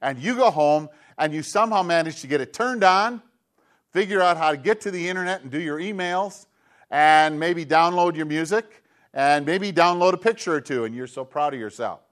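A man's voice: fairly high pitch, animated, normal speed, fairly bright tone. A man preaching a sermon in an earnest, conversational way, moving between teaching and everyday stories.

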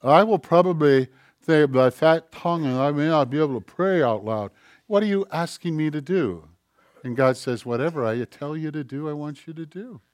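A man preaching a sermon, acting out voices and swinging between loud emphatic lines and hushed asides. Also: a little high, moderate pace, no room sound, studio quality. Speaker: pastor.

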